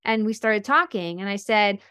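A woman's voice: mid-range voice, normal speed, bright, forceful tone, clean tone, no echo, studio quality. A woman coach giving a faith-based talk in a chatty storytelling manner, acting out the people she quotes. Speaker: life and business coach.

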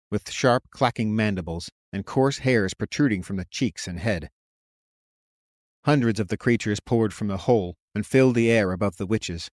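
A man narrating a fantasy novel as an audiobook, in a measured storytelling manner on a close mic. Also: on the low side, no room sound.

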